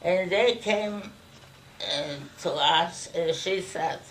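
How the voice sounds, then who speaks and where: An older woman from Ukraine, giving an oral history interview in a halting way, repeating words as she searches for them. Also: on the low side. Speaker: interviewee recounting wartime memories. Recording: distant mic, faint background noise.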